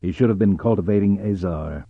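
A man's voice: low-pitched, expressive, moderate pace, no room sound, narrow, tinny audio, pitched below the performer's own voice. A man voicing a dry-witted, snappish middle-aged officer in an audiobook.

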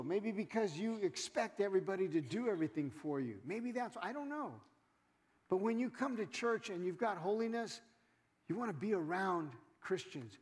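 A man's voice: high-pitched, darkish tone, breathy edge. A male pastor preaching a sermon, calling out to the congregation and acting out churchgoers in quoted asides. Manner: preaching with call-outs to the congregation. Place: church sanctuary. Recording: reverberant church hall with congregation.

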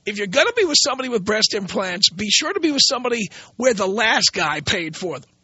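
A man's voice: high voice, sing-song, fast talker, pushed and bright, slightly rough, no echo, highs cut off. Blunt ranting radio host, man. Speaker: radio talk show host. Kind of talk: opinionated radio monologue.

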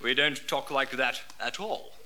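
A Scottish man doing lively showbiz patter in a radio comedy double act. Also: medium pitch, measured pace. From Scotland.

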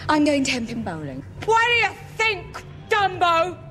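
Outraged bride, very high and brash, tv drama. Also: female voice, big pitch swings, unhurried, fairly bright tone, soft background music, full character voice. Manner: indignant, accusing, brash. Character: brash furious bride, indignant and loud.

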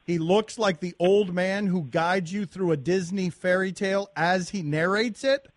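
A man hosting a sports radio show, bantering playfully and teasing his guest. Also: high-pitched. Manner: playful, quick teasing delivery.

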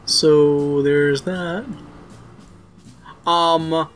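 A man's voice: a little high, steady tone, drawn-out words, a bit bright, faint music behind. A man co-hosting a podcast in casual chat, hesitant with many fillers. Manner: hesitant, lots of "like" and "um". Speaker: podcast co-host.

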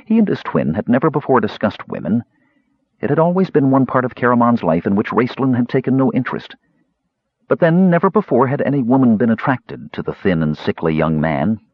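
A man narrating a fantasy novel as an audiobook, in an expressive, measured storytelling manner. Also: mid-range voice, no echo, highs cut off.

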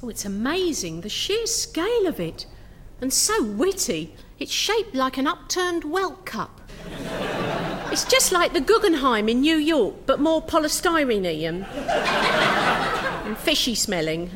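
A woman's voice: sits high, very animated, a little slow, noisy background. A woman playing an effusive, arty tourist who gushes with dry irony. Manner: effusive, gushing, dryly ironic. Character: gushing female tourist, arty and enthusiastic.

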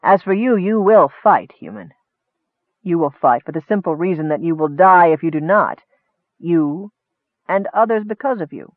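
A man voicing a cold, menacing male elf who runs an arena, speaking low and quietly threatening. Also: lively intonation, normal speed, no room sound, close to an everyday voice. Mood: cool menace. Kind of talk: audiobook character voice. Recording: thin phone-like dry sound.

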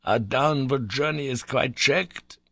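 Audiobook role: a male reader doing an older, high-strung professor uncle, raised and strained in pitch, insistent and urgent, with a thin, altered tone. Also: slow, gravelly, bright, forceful tone, dry recording, heavily acted.

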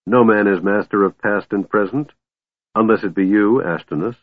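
Male narrator as a sniffy, pompous lord, low voice, tinny dry audiobook sound. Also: moderate pace, no room sound, lightly acted. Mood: dismissive. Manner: sniffing, dismissive, indulgent. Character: pompous, gloomy older city lord. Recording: narrow phone-like audio, dry.

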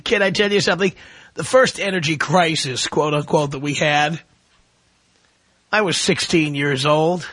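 A man's voice: a little high, a bit bright, dry recording. A middle-aged man hosting a talk radio show, ranting and mocking his listeners with sarcasm. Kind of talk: opinionated talk radio monologue.

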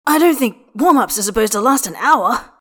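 Woman doing a flustered guy, higher and louder, protesting and strained. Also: lively intonation, moderate pace. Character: flustered, put-upon man in hard training.

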